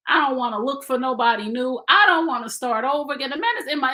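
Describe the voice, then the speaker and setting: A woman's voice: on the high side, sharp tone. A woman in her fifties giving blunt, preachy relationship advice in a casual live stream, speaking straight to her viewers. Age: 50s.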